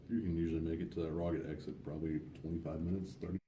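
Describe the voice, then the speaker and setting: A man's voice: a bass voice, little pitch movement, very fast, dark tone. A man giving rambling, matter-of-fact directions in a clip recorded from a distance. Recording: distant roomy clip with faint ambience.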